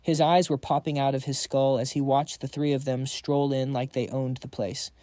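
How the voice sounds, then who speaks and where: A man's voice: mid-range voice, steady tone, normal speed, warm tone, no room sound. A man giving a scripted, casual and slangy narration of a comic story. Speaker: recap narrator.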